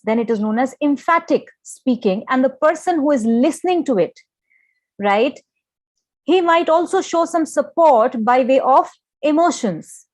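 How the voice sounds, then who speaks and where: A woman's voice: high-pitched, dry recording. A woman gives a lecture in an explanatory way, mixing in Hindi phrases and often checking with "okay?". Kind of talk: lecture on listening skills.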